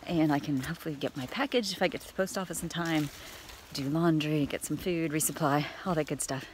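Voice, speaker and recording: A woman talking casually through a trail vlog, chatty and quick to laugh, recorded outdoors on a handheld camera. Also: deep voice, a little hiss or hum. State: out of breath on climbs. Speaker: hiker vlogger.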